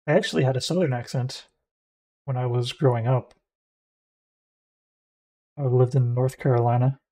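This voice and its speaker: Young male streamer, mild Florida accent, mellow breathy tone, rambling commentary. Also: medium pitch, fairly even intonation, moderate pace, poor audio. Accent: Florida, mild Midwestern. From United States. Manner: rambling, musing aloud. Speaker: gaming streamer. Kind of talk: casual game commentary.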